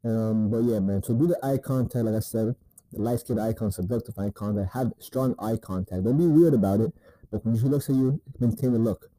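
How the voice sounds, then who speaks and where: A man's voice: on the low side, brisk, warm tone, dry recording, rough recording. A man hosting a casual advice monologue, talking crudely and profanely and tacking "man" onto his sentences. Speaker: dating advice host.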